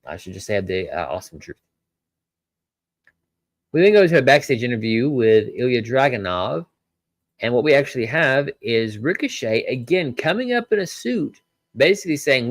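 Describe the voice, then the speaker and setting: A man's voice: mid-range voice, very animated, normal speed, dry recording. A man hosting a solo wrestling review podcast, talking casually and rambling with lots of "again" and "basically".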